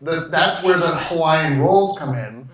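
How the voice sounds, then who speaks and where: A man's voice: a little high, expressive, measured pace, heavy reverb, recorded from a distance, a crowd in the background, low-quality recording. A man co-hosting a home cooking livestream, chatting enthusiastically while tasting food, often trailing off mid-sentence. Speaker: cooking show co-host. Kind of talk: casual livestream chat while eating.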